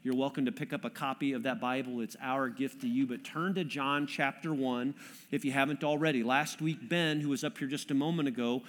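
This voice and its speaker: A man's voice: medium pitch, fairly even intonation, a little fast. A middle-aged male pastor giving a sermon to a congregation, with a conversational, earnest teaching manner that invites the room to join in. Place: church room with audience.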